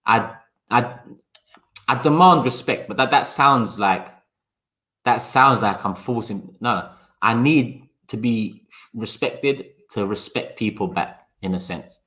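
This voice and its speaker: This livestream host has a mid-range, sharp voice and chats casually with his viewers, naming them directly. Sarcastic and profane, he delivers his words in rapid bursts.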